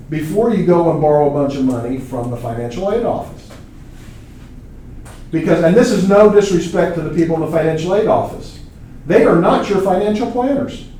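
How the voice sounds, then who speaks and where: A man's voice: fairly high pitch, mellow, a little hiss or hum. A man in his forties from Arkansas, lecturing a college class conversationally and asking them questions. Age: 40s. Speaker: college instructor. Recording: echoey classroom from a distance.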